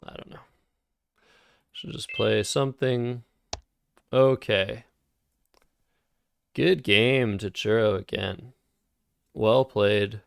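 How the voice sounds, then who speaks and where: A man's voice: fairly low pitch, slow, gravelly, pauses often, clear, resonant tone, no echo. A man casually thinking aloud while playing word games on a live stream. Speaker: streamer and Scrabble player.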